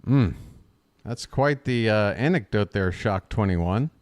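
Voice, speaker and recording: A man's voice: fairly low pitch, expressive, slow pace, no room sound. A man hosting a live fan play-by-play stream, chatty, often calling his listeners folks, with frequent fillers.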